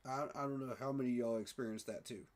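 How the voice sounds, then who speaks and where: Emotional, excitable man. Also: mid-range voice, fast talker, a little hiss or hum. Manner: emotional, excited, repeats himself. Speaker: sports fan vlogger. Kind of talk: casual fan reaction vlog.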